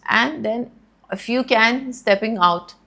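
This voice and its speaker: Woman, guest expert, gravelly voice, calm explanatory advice, talks to the listener. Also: on the high side, slow. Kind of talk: advice interview.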